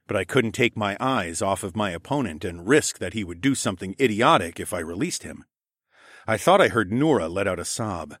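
A man narrating a fantasy story in the first person with dramatic, expressive reading. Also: on the low side, no echo, clean studio sound.

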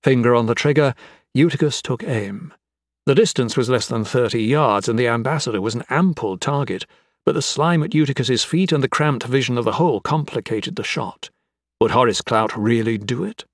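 A man reads a fantasy novel aloud in a measured, dramatic audiobook style. His voice sits at an ordinary middle pitch, and the recording is dry and close with no room sound. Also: no room sound. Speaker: narrator. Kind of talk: audiobook narration.

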